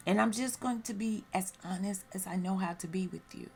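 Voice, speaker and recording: A woman's voice: medium pitch, a little fast, creaky, darkish tone, soft background music. A woman sharing a personal religious testimony, speaking earnestly and candidly and repeating phrases for emphasis.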